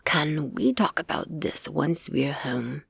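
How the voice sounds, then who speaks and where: A woman voicing a stern male Fae king who disapproves of his daughter, in a low, hushed and measured delivery. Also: vocal fry, breathy edge, no room sound, heavily acted.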